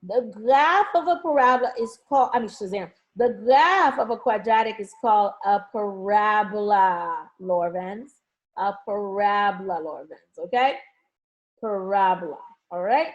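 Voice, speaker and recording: A woman's voice: medium pitch, a little slow, muffled recording. A woman teaching math in a live online review session, coaxing students with pet names and frequent check-ins. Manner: frequent check-ins like okay and all right.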